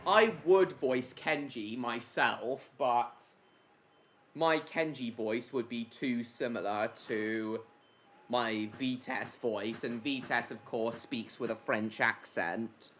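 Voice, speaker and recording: A man's voice: mid-range voice, slow pace, fairly bright tone, a little hiss or hum. Chatty man hosting a live stream. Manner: chatty, answers viewers by name mid-sentence; rambling with repeated fillers like basically and reckon. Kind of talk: casual live stream chat.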